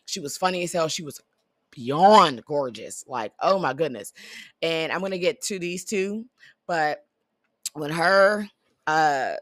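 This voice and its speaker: A woman's voice: low voice, a little slow, a bit bright, no echo, clean studio sound. A woman chatting casually about reality TV, blunt and profane, ranting with lots of energy. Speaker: vlogger.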